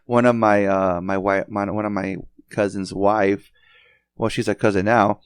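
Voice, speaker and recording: Low-voiced halting man, dry close sound. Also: level tone, clean tone, no echo. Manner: halting, many restarts and repeated words. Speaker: podcast host. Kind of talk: casual conversation.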